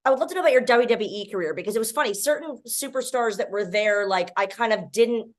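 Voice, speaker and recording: A woman's voice: on the high side, animated, quick pace. A woman co-host and former wrestler asking a guest a question in a casual chat. She rambles, starts over and hedges before she gets to it.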